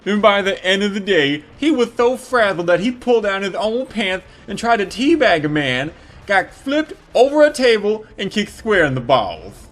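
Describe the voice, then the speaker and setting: A man telling a comic story in an animated, profane way, building jokes with sudden changes in loudness. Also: high voice, moderate pace. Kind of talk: comedic storytelling monologue.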